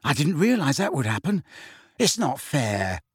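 A man reading aloud and voicing an excitable, indignant teenage schoolboy wizard who blurts things out. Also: on the high side, measured pace, husky, dry recording, studio quality, exaggerated voice. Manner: blurting and aggrieved.

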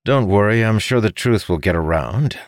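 A man doing a calm young mage. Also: lowish voice, normal speed, dry recording, studio quality, voice pushed up, natural voice. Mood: reassuring.

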